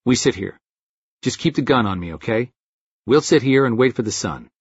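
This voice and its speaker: A man reading a frightened young woman, husky. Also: medium pitch, animated, normal speed, no room sound. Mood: tense. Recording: dull lo-fi recording.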